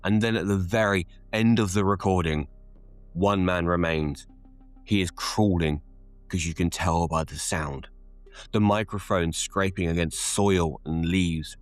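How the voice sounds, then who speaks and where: Slow deep-voiced horror narrator man. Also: steady tone, faint music behind.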